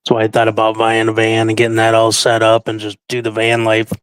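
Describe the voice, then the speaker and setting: A man's voice: lowish voice, monotone, brisk, a bit bright, smooth, dry recording. A man joining a livestream as a guest, chatting in an easygoing way. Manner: easygoing, conversational. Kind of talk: casual chat.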